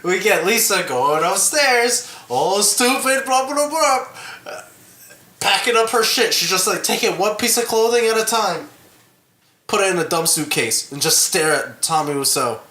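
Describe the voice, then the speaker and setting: A man's voice: sits high, moderate pace. A man co-hosting a podcast, casually reviewing a movie and retelling its scenes with lots of swearing. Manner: profane, animated retelling of scenes. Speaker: podcast co-host. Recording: echoey room.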